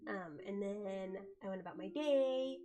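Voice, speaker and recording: A woman's voice: mid-range voice, measured pace, dark tone, a little hiss or hum. A woman in her twenties chatting casually on a live stream as she gets over the flu, rambling with lots of fillers and talking to her cat. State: getting over the flu, occasional cough.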